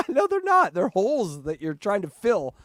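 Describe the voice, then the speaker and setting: A man co-hosting a podcast in crude casual banter, loud and laughing as he rants. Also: high voice, normal speed, no room sound, clean studio sound. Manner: loud, laughing, animated ranting. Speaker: podcast co-host.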